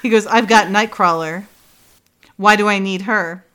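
A woman in casual conversation recaps a TV episode with lively energy. She quotes the characters as she goes and laughs along. Her pitch sits in a middle range. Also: measured pace, clear, resonant tone. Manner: animated retelling, quoting characters with laughs. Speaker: podcast co-host.

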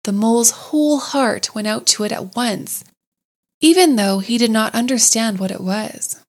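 A woman narrating a classic children's storybook in a gentle, unhurried, expressive way. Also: a little high.

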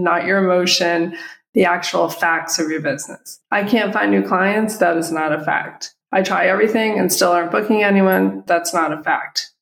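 A woman's voice: on the low side, fairly bright tone. A woman hosting a solo podcast, explaining ideas to listeners and asking rhetorical questions. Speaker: podcast host coaching photographers. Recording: echoey room.

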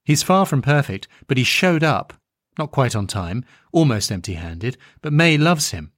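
A man's voice: mid-range voice, very animated, moderate pace, a bit bright, dry recording, clean studio sound. A man reading the lines of a blunt, plain-spoken woman who swears freely, in an audiobook. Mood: fond. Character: blunt, foul-mouthed, warm-hearted woman.

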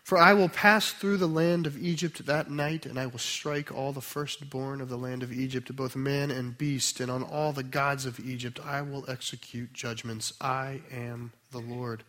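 A man preaching a sermon, explaining scripture in a conversational way, then reading a passage aloud slowly and softly. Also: medium pitch, fairly even intonation. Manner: conversational teaching with restarts, slow and soft when reading scripture.

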